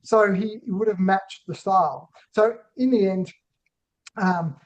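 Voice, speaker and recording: High-voiced man presenting a webinar. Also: slow. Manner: conversational, checks in with listeners using "right?". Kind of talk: business webinar talk with personal story. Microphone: online call microphone. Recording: dull lo-fi webinar audio.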